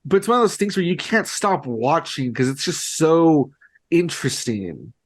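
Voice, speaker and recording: A man's voice: on the high side, big pitch swings, moderate pace. Rambling podcast guy, full of "like". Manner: rambling, filler-heavy retelling. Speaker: podcast co-host. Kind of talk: casual chat.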